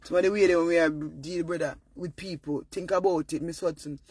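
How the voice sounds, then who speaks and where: Man, Jamaican accent, young adult, high voice, casual monologue to viewers, emphatic, nearly shouting at times, dry close sound. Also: steady tone, brisk, husky, no room sound. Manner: emphatic, often rising to near-shouting. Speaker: vlogger.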